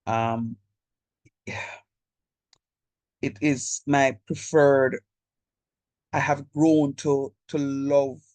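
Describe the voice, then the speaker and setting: Jamaican male lecturer on a video call, chatty and direct, mid pitch, dry sound. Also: a little mellow, no echo. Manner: direct, chatty, code-switches into local speech. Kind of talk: online math lecture.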